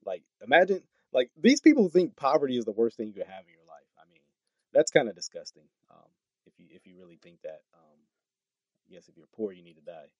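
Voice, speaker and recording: A man's voice: mid-range voice, a little fast, no room sound, muffled recording. Guy doing a commentary vid reading tweets, incredulous, trips over words a lot, dry close sound. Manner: animated, incredulous, stumbles over words with laughs. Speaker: political commentary host.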